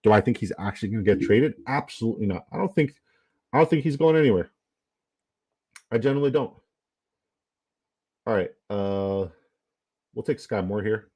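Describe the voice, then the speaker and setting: A man's voice: fairly low pitch, lively intonation, moderate pace, long pauses, darkish tone, slightly rough, no echo, poor audio. A man hosting a casual fantasy football draft stream, rambling with lots of fillers and reading chat comments aloud.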